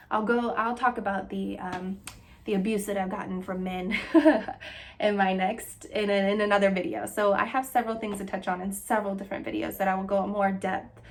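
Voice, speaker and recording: A woman in her twenties from Texas, telling a personal story in a candid, emotional, rambling way. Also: mid-range voice. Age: 20s. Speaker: vlogger.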